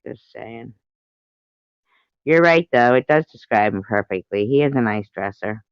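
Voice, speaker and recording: A woman's voice: very deep voice, animated, unhurried, clean tone, no room sound, muffled recording. Playful woman bantering with her stream chat. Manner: playful, teasing, answers chat messages aloud; tries out joke accents. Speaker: livestream host. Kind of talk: casual livestream chat with viewers.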